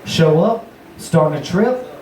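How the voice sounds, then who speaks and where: A man's voice: lively intonation, measured pace, a little mellow, slight background noise. A young man telling a rambling, profane story live, laughing and acting out voices. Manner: rambling, profane, laughing, acts out quotes in a higher voice. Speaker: storyteller at an open mic. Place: bar or juke joint. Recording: echoey room from far off.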